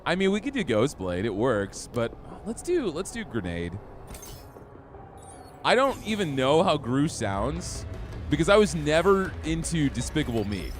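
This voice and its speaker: A man's voice: fairly high pitch, wildly swooping pitch, measured pace, soft background music. A young man streaming a game, chatting casually and easygoing with his viewers. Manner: easygoing, chatty, talks to chat. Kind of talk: casual gameplay chat.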